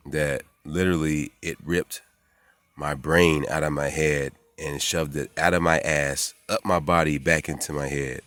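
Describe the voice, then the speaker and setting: A man in his forties, rambling excitedly and profanely in a casual monologue, jumping into high voices when he quotes people. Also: unhurried, pauses often, no echo. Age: 40s. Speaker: spiritual vlogger.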